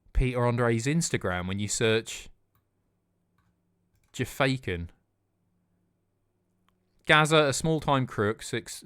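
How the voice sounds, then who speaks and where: A man's voice: mid-range voice, fairly bright tone, smooth. A man in his thirties, hosting a livestream in casual chat, with blunt, sweary, sardonic commentary. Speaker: livestream host.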